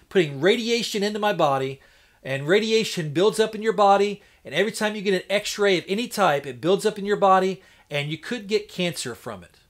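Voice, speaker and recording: A fairly high-voiced man talks on a casual live stream. He rambles in a folksy way and slips into quoted voices when he retells a doctor visit. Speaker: homestead livestreamer.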